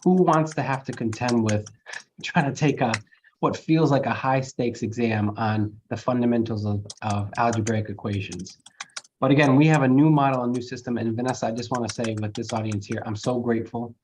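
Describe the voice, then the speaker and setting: A man's voice: mid-range voice, a little fast, a little mellow. A man, a college administrator, presenting to trustees in an earnest, emphatic way. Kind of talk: board meeting presentation. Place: meeting room. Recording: dull lo-fi meeting audio with faint noise.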